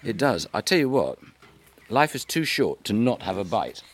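A man's voice: on the low side, very animated, normal speed. A man co-hosting a podcast, chatting playfully and theatrically in a garden. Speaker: podcast co-host. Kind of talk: casual chat. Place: outdoors in a garden. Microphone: handheld mic.

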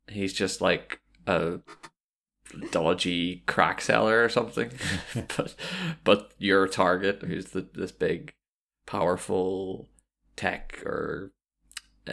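Man, very low voice, gravelly fry, rambling casual chat, lots of fillers. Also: fairly bright tone. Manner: rambling, many fillers and restarts. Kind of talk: casual chat about video games.

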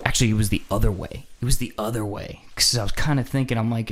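A man casually telling a story, animated and acting out quotes with frequent laughs. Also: fairly low pitch, fast talker.

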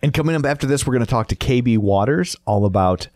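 A man's voice: mid-range voice, fast, no room sound, clean studio sound. A man co-hosting a podcast, joking wryly in a casual chat. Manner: joking, wry, lively delivery. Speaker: podcast co-host.

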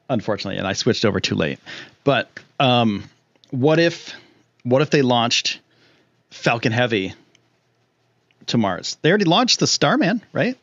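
A man hosting a casual live stream, excitable and rambling with lots of fillers while he reads chat. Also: mid-range voice, no room sound, lo-fi sound. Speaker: livestream host.

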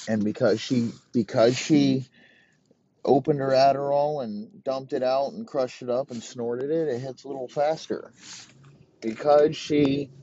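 Slow, rambling, profane male storyteller. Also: medium pitch, darkish tone, dull audio. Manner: rambling, profane, halting restarts. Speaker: comedic storyteller. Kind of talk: improvised crude comedy story.

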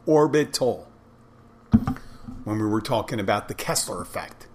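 A man with a lowish voice talks fast over a noisy background while hosting a solo podcast. His casual monologue rambles, and he often corrects himself mid-sentence.

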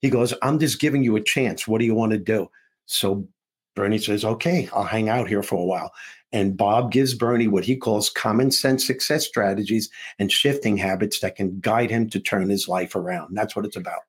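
A man, a guest author and comedian, telling an animated story in an interview and acting out the lines of his characters. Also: on the low side, normal speed, husky. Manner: acts out dialogue between characters, laughing often.

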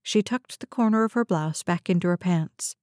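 Mellow-voiced woman narrating an audiobook. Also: fairly low pitch, normal speed, no echo, studio quality. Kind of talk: scripted narration.

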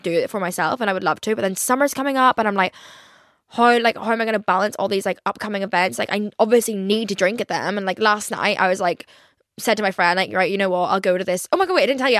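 A woman's voice: mid-range voice, fairly bright tone, dry recording, clean studio sound. A young woman chatting on her own podcast, rambling with lots of "like" fillers and frequent swearing. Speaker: podcast host. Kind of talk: casual solo podcast chat.

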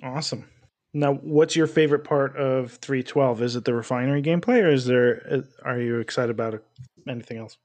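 A man's voice: mid-range voice, a little fast. A man hosting a gaming podcast, talking casually with frequent ums and uhs. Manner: relaxed, hesitant with many fillers. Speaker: podcast host.

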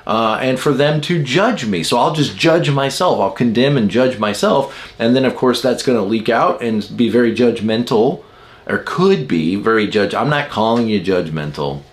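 A man's voice: medium pitch, lively intonation, moderate pace. A man hosting a podcast, talking casually and explaining ideas with everyday stories and self-deprecating asides. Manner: chatty, self-deprecating, acts out quoted people. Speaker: podcast host. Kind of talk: casual teaching monologue.

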